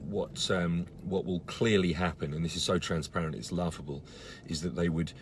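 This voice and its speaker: A man's voice: deep voice, fairly even intonation, normal speed, a little hiss or hum. A man giving a casual live-stream update to followers, earnest and indignant, with many fillers and restarts. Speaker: campaigner on a live video.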